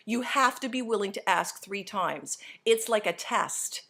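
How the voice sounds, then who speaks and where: A middle-aged woman giving a motivational coaching talk to her sales team, speaking in an energetic, emphatic and direct way. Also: medium pitch, a little slow, gravelly.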